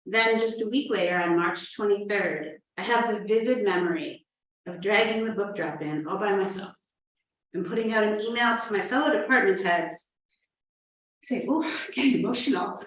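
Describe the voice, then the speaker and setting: A woman's voice: medium pitch, normal speed, fairly bright tone. New lady telling a story at a conference, earnest with playful bits, very roomy and a bit far away. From New Hampshire. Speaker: assistant state librarian giving a conference talk. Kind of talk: prepared conference presentation. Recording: roomy, echoey from off the mic.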